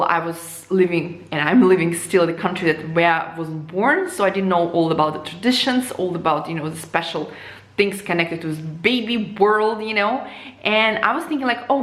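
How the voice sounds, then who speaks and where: Animated woman. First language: Russian. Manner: animated, with frequent jumps in pitch and many "you know" and "like" fillers. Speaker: vlogger. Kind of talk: casual opinion monologue. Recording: echoey room.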